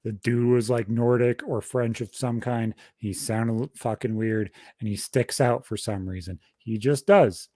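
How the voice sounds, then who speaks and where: A man's voice: mid-range voice, measured pace, few pauses, no room sound, clean studio sound. A young man casually telling a long story on a podcast, swearing constantly and rambling through details. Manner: profane, rambling, animated storytelling. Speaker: podcast host.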